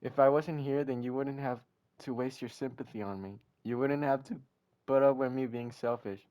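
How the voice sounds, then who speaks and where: A heartbroken, shy teenage girl from a game speaks in a soft, subdued way, as a man reads her lines aloud. The delivery is quiet and low-key, with little attempt at a girlish voice. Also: steady tone, moderate pace, clean tone, natural voice. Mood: sad. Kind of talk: reading game dialogue aloud.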